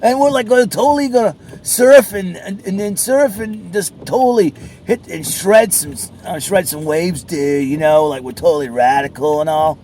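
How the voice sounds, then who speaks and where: A laid-back California surfer dude, put on by a man in a vlog, talking in a high, loud drawl full of surfer slang. Faint traffic hums in the background. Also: moderate pace. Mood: stoked.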